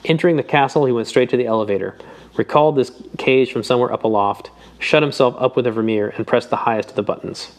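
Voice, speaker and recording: A male audiobook reader with an ordinary-pitched voice narrates literary prose from a script. He keeps a steady, measured pace, and his delivery stays even and composed throughout.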